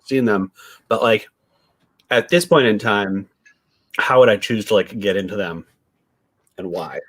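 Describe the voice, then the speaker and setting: A man co-hosting a casual chat, easygoing and asking his guest questions with soft filler. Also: fairly low pitch, a little slow, breathy edge, no room sound. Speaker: co-host.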